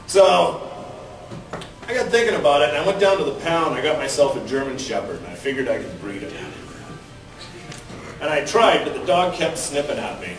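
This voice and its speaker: A man's voice: a little high, fairly quick, music in the background. Man telling jokes in a roomy venue. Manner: deadpan storytelling with punchlines. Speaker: stand-up comic. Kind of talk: stand-up comedy set. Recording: roomy, distant mic with background noise.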